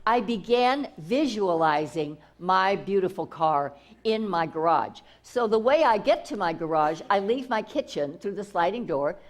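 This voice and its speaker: Lively, enthusiastic woman spiritual teacher. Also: mid-range voice. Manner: enthusiastic, repetitive, restarts often. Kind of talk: inspirational talk.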